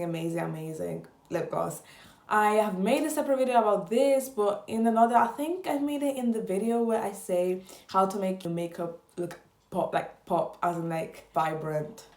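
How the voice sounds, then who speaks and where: A woman's voice: mid-range voice, moderate pace, a little mellow, echoey room. Gushing woman reviewing beauty products. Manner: gushing, repeats words for emphasis. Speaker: beauty vlogger.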